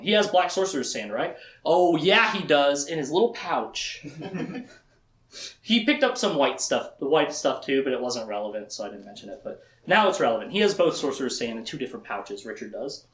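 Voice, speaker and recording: A man casually recapping a book's plot in a lecture, laughing often and acting out the characters' lines in quick asides. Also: fairly high pitch, very animated, fairly bright tone, echoey room. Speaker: book discussion host.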